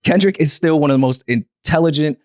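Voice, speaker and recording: A man co-hosting a podcast, chatting casually in an animated way and laughing often. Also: a little high, brisk, no room sound, studio quality. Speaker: podcast co-host. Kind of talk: casual group chat.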